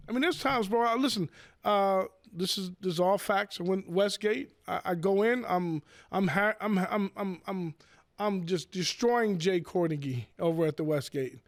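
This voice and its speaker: A man, a professional sports bettor, telling casual stories with swearing, restarts and loud acted-out quotes. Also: sits high, no echo. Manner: animated, repeats words, swears, acts out quotes in raised voice. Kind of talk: casual storytelling.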